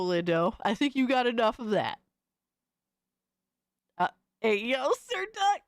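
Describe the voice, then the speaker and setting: Loud, incredulous woman streamer. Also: a little high, no room sound, studio quality. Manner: loud, incredulous exclaiming and cursing. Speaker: streamer host. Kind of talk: casual live-stream reaction.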